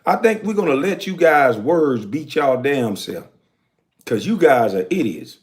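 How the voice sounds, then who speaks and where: A man's voice: medium pitch, big pitch swings, unhurried. A man delivering an angry, profane rant straight to the camera, calling out critics in a heated, confrontational way. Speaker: commentator answering critics.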